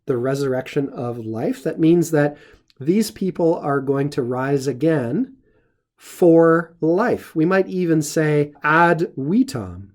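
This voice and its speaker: A middle-aged man teaching Latin, explaining grammar step by step in a measured lesson. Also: a little high, lively intonation.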